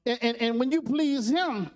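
Man, preacher, sermon, very high voice, conversational, repetitive, storytelling. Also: normal speed.

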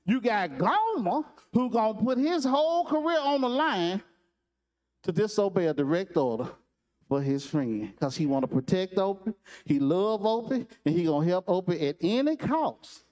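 A man's voice: high voice, sing-song, unhurried, a little mellow. A man preaching a sermon in a conversational storytelling style, repeating phrases and addressing listeners directly.

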